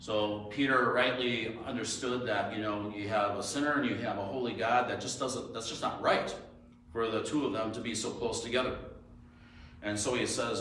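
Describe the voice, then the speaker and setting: A man's voice: on the low side, steady tone, normal speed, fairly bright tone, slight background noise. Male pastor, sermon, storytelling and emphatic questions; very echoey, distant mic. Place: church sanctuary. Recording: echoey church from far off.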